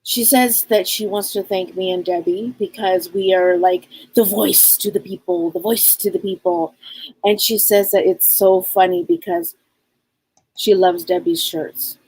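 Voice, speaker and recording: A woman psychic medium on a live show, passing on messages in a halting, repetitive way and speaking them in the first person. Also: lowish voice, fairly even intonation, darkish tone, slightly rough, no room sound, low-quality recording.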